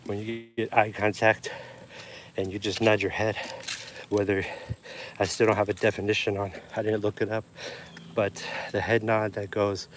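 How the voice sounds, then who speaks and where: A man's voice: fairly low pitch, level tone, normal speed, pauses often, slight background noise. A man vlogging outdoors on a trail, musing aloud in a rambling, reflective way with many fillers. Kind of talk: casual vlog while out running.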